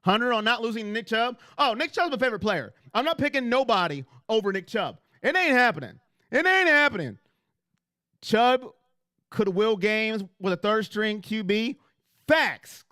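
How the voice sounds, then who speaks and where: A man's voice: sits high, animated, normal speed, sharp tone, dry recording, clean studio sound. A man hosting a casual fan livestream on a headset mic, talking emphatically and repeating himself as he speaks straight to his chat.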